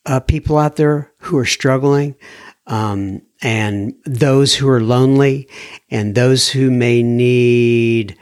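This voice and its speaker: Slow-talking man hosting a podcast. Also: medium pitch, steady tone, darkish tone. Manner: halting, repeats words when starting sentences. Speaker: podcast host. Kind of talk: casual monologue reading listener messages.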